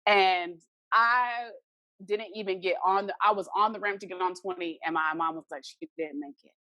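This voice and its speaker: A woman's voice: mid-range voice, steady tone, normal speed, bright, forceful tone, no room sound. A young adult woman, a podcast guest, earnestly telling a personal story and acting out the remembered dialogue.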